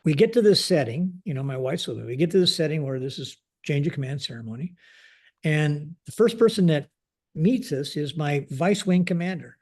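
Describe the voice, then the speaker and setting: Older American man, retired general; conversational storyteller who voices each quote, slightly higher-pitched. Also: animated, normal speed, darkish tone. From United States. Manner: conversational, acts out dialogue in quotes, frequent fillers. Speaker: guest, retired Air Force general. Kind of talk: storytelling in a podcast interview.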